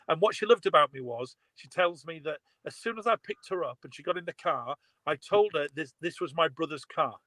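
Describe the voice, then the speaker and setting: Bright-voiced man telling a story. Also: on the high side, dry recording, rough recording. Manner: animated storyteller, laughs often. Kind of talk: casual video call chat. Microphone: video call.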